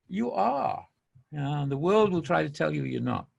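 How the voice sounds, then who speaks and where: A man's voice: on the high side, expressive, measured pace, gravelly, darkish tone, breathy edge. A man with a Manchester accent hosting a podcast, talking in a rambling, enthusiastic way and laughing often. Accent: Mancunian. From England. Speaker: podcast host. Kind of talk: casual monologue.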